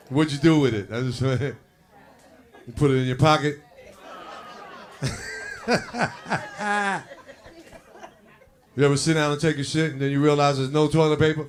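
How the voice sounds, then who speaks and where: Upbeat male comedy-show host. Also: a little high. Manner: hyping the crowd, chatty. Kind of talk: hosting a live comedy show. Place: comedy club stage.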